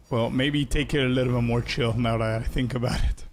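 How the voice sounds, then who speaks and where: A man giving casual, relaxed commentary while playing an online game with teammates, thinking aloud as he goes. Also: medium pitch, fairly quick, slight background noise. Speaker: game streamer.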